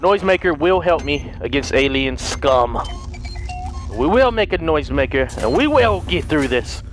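A young man giving let's play commentary, excitable and panicky, swearing and laughing often. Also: on the high side, moderate pace. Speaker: gaming YouTuber. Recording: game music playing behind.

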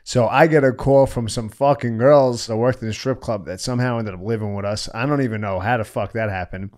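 Animated man telling a wild story. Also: medium pitch, brisk. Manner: animated, profane storyteller acting out quotes. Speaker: podcast guest. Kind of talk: casual storytelling chat.

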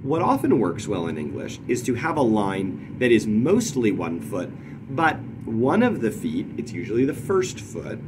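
A man teaching poetry meter, explaining in a lively way and tapping out rhythms with nonsense syllables. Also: lowish voice, normal speed, background noise. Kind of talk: explanatory lesson.

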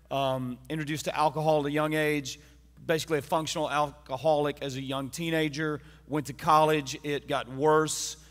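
Bright-toned preacher telling a story. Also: male voice, on the high side, big-room sound. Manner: earnest storytelling, personal testimony. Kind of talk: sermon. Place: church.

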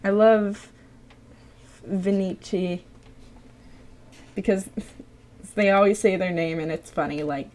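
A woman's voice: medium pitch, takes it slowly, pauses often, a little mellow. A tired young woman streaming live, chatting casually while she draws, rambling, swearing and poking fun at herself.

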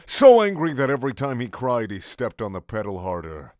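A man's voice: mid-range voice, big pitch swings, brisk, few pauses, darkish tone, no room sound, studio quality. A man doing a comic dramatic reading of a fanfic, mock-solemn with incredulous asides. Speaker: fanfic reader.

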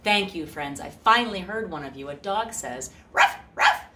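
A woman hosting a children's music show, talking softly and playfully to young listeners and pretending to forget things. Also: on the low side, animated, normal speed, recorded from a distance, slight background noise. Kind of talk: gentle talk to children. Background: guitar.

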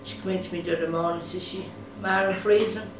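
A woman playing a tired middle-aged mother, grumbling in a flat, resigned way. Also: lowish voice, fast, close to an everyday voice. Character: weary, put-upon Dublin mother. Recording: echoey room with noise.

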